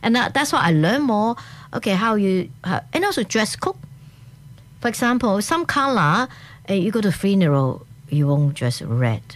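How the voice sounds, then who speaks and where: A woman's voice: medium pitch, big pitch swings, moderate pace. A woman from Hong Kong with a Hong Kong accent, chatting enthusiastically as a guest in an interview and laughing often. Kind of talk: casual interview chat.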